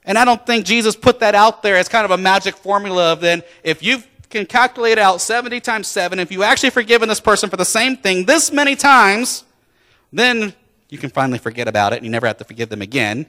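A man's voice: sits high, expressive, quick pace, bright, forceful tone. A man preaching a sermon, retelling a story in a casual, conversational way. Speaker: pastor.

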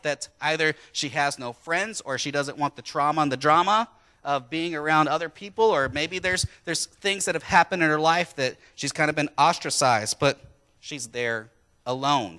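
A male pastor from Wisconsin gives a conversational sermon in a church. His voice is bright and slightly high, and he jokes with the congregation and asks them questions.

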